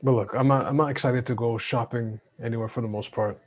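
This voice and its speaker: A young man co-hosting a podcast, chatting loosely in a relaxed, rambling way with slangy asides. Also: mid-range voice, quick pace. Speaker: podcast co-host. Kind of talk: casual chat.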